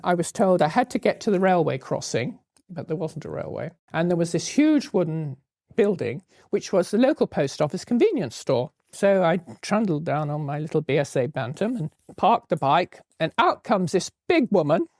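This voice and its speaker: An older Englishwoman with an English accent, telling travel stories in a lively way, often laughing as she goes. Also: lowish voice, normal speed, no room sound, studio quality. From England. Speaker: interviewee recalling her travels. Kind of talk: anecdotal storytelling.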